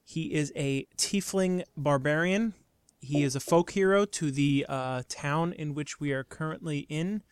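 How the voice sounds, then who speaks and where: A man playing in a tabletop game, introducing his character in halting, hesitant speech. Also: a little high, clean tone, dry recording. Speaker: player. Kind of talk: casual chat introducing a character.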